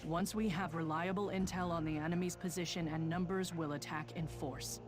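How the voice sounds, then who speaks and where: An actress voicing a brisk female army officer in a video game, giving crisp battle orders. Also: fairly low pitch, steady tone, close to an everyday voice. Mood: commanding. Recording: game audio with music behind.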